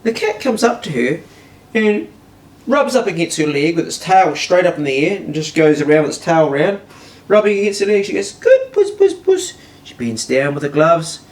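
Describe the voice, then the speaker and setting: A middle-aged man telling a casual, animated anecdote, swearing freely and acting out voices. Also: on the high side, brisk. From New Zealand. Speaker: storyteller. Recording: roomy, distant mic.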